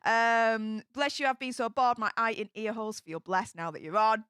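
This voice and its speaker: A woman's voice: a little high, moderate pace, fairly bright tone, clear, resonant tone, dry recording. A woman hosting a livestream from a home studio, chatting and greeting viewers one by one in a bubbly way. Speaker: livestream host. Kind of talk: casual livestream chat.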